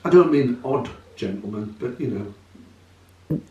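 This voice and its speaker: A man reading a story aloud at home, jokey and halting, with casual asides. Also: medium pitch, animated, darkish tone, lo-fi sound. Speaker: vlogger. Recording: roomy, from a distance.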